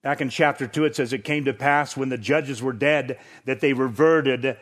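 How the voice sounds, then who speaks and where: This pastor's voice sits at medium pitch, steady and a bit bright, moving at an ordinary pace. His sermon walks through the Bible in a conversational style, rising for emphasis on the important points.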